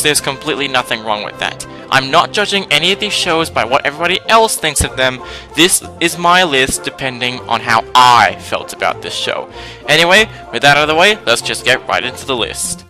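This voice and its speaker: Bright, ranting male reviewer. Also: medium pitch, expressive, fairly quick, soft background music, rough recording. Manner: ranting, blunt and emphatic. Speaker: list-video host. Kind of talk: opinionated review narration.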